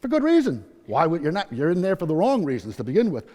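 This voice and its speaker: A man in his sixties tells his own story to a conference audience, keeping it upbeat and funny. His voice sits a little high for a man. The hall around him rings with a long reverb. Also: sing-song, quick pace, mellow. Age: 60s. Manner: upbeat, humorous storyteller, acts out quotes. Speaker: patient speaker at a nursing conference. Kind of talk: personal story talk to a live audience.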